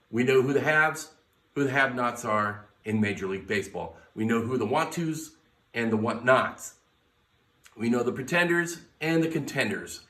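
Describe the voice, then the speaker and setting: A man's voice: medium pitch, a bit bright. A man hosting a casual sports podcast from his garage, brash and blunt, swearing freely as he runs through teams and picks. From United States. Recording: echoey garage, mic at a distance.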